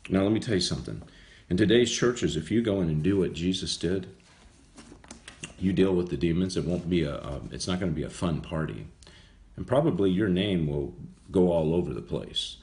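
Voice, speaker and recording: A man's voice: sits low, a little mellow. A man giving a casual Bible study sermon, talking conversationally and repeating phrases for emphasis. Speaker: preacher.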